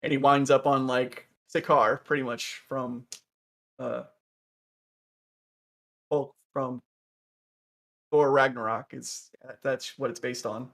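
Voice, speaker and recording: A man in casual chat as a stream co-host, rambling with many restarts and trailing off softly. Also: mid-range voice, takes it slowly, pauses often. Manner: mimics characters with raised excited voice.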